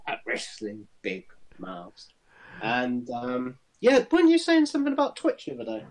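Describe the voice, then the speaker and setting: A man's voice: mid-range voice, huge pitch swings, normal speed, a little mellow. A man co-hosting a podcast in casual chat, swearing freely and plugging the show. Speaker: podcast co-host.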